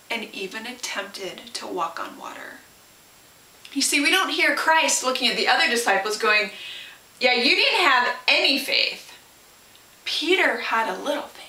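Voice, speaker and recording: A woman's voice: fairly high pitch, sharp tone. A woman giving a casual Bible lesson in a chatty way, full of asides and rhetorical questions. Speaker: Bible teacher. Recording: roomy, from a distance.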